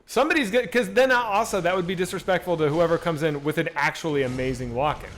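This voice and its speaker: Speaking at a quick pace in a fairly high voice, a man offers casual commentary while live-streaming a video game. He's animated, curses freely, and carries on a back-and-forth with his viewers.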